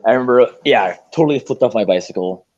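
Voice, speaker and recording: A man's voice: mid-range voice, expressive, fast talker, dry recording. A young man in casual chat, telling a rambling story with hesitations and restarts. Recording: dull lo-fi recording.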